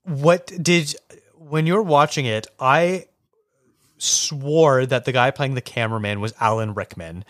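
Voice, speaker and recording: A man's voice: medium pitch, a little slow, no echo, studio quality. A man co-hosting a podcast, telling stories casually about a film with "like" fillers. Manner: chatty, relaxed storytelling with "like" fillers. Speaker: podcast co-host. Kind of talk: casual movie discussion.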